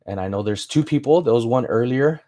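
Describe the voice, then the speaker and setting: A man's voice: medium pitch, a little fast, mellow. A man hosting a casual livestream, telling rambling anecdotes with acted-out exchanges and reading through viewer chat. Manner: reads and answers viewer chat. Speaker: livestream host.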